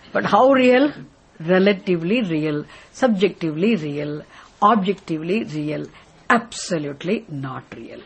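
A woman's voice: lowish voice, a little mellow, husky. Woman spiritual teacher, asks q's then answers them, lecture feel.

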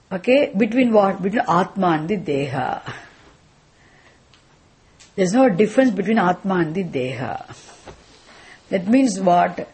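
A woman's voice: on the low side, darkish tone, breathy edge. A woman teaching a scripture class, asking questions and answering them herself, repeating the key phrases. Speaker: Vedanta teacher.

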